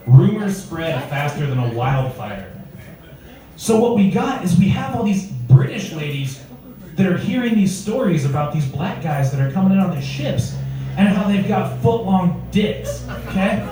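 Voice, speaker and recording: Crude stand-up comic man, lively pitch. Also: normal speed, slight background noise. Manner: crude, conversational storytelling with crowd work. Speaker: stand-up comedian. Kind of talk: stand-up set. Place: comedy club stage. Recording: echoey club from far off, crowd.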